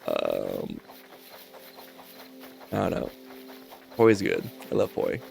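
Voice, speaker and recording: A man's voice: a bass voice, wildly swooping pitch, very slow, vocal fry, darkish tone. A man streamer chatting casually while he plays a game, rambling and easygoing as he thinks aloud. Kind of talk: casual chat while gaming.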